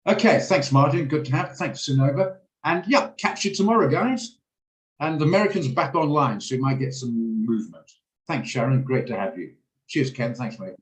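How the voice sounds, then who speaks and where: A man's voice: medium pitch, animated, moderate pace. Emotional, rambling male host on a video call, in a roomy space. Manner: emotional, rambling, rants and laughs. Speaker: trading room host. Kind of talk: casual talk on a video call. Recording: echoey room on a video call.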